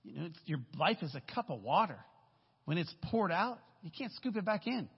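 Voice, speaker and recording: A man's voice: high voice, big pitch swings, normal speed, breathy edge. A man in his fifties giving a casual, story-filled sermon as a guest speaker. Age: 50s. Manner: casual, storytelling, folksy asides. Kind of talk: conversational sermon. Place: church sanctuary. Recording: echoey hall, dull lo-fi sound.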